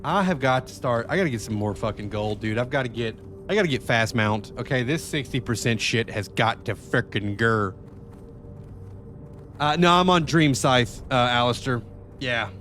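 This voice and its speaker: A man chatting casually to viewers while streaming a game, swearing a lot and swinging between excitement and frustration. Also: mid-range voice, normal speed. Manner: profane, excitable, talks to chat. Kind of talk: live-stream gameplay chat.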